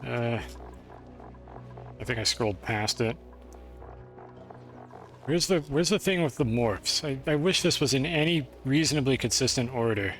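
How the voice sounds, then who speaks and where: A man's voice: medium pitch, unhurried, long pauses, soft background music. Rambling self-deprecating male streamer. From United States. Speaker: game streamer. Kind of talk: casual live-stream chat while playing.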